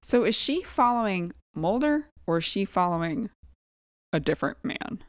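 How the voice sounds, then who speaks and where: A woman's voice: mid-range voice, big pitch swings, normal speed, dry recording, clean studio sound. A woman co-hosting a podcast in casual chat, blunt and swearing freely. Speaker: podcast co-host.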